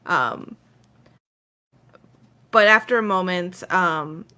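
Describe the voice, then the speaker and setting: A woman's voice: on the low side, drawn-out words, sharp tone, smooth. A woman game master narrating a tabletop game casually, with a hesitant delivery full of fillers.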